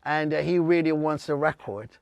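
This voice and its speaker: A man from Brazil, whose first language is Portuguese, telling stories in a casual podcast chat and acting out what people said with big jumps in pitch. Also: normal speed, creaky, clean tone, dry recording, lo-fi sound. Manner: animated, acts out quotes with big jumps in pitch. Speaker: DJ, podcast guest. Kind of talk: casual storytelling.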